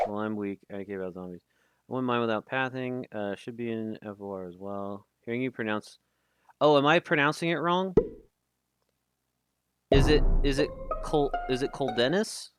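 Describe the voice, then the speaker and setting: A man casting a live game tournament stream in a casual, chatty way, often stumbling over names. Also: on the low side. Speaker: tournament caster. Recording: loud background noise.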